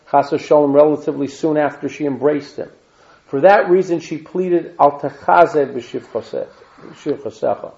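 A man whose voice is on the high side and a little mellow teaches Torah, reading verses aloud and then breaking in with plain asides and Hebrew terms. The recording sounds dull and lo-fi.

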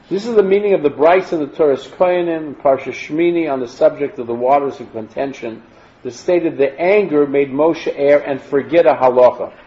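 A man with a fairly high voice leads a Torah text class. He reads passages aloud and explains them, often restarting his sentences. The recording is dull and lo-fi. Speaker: Torah teacher.

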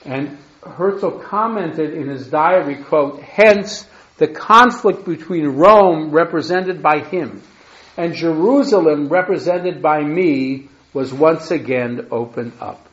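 A man's voice: a little high, takes it slowly, a bit bright. A man giving a history lecture who reads long quotations from a diary aloud, stumbling and correcting himself as he goes. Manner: reads quotes aloud with restarts and self-corrections. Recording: echoey lo-fi room recording.

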